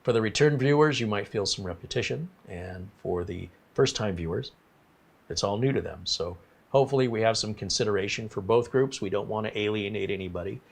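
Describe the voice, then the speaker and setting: A man's voice: lowish voice, fairly quick, gravelly. A man hosting a casual livestream, talking in a rambling, apologetic way and reading viewer comments aloud. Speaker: livestream host.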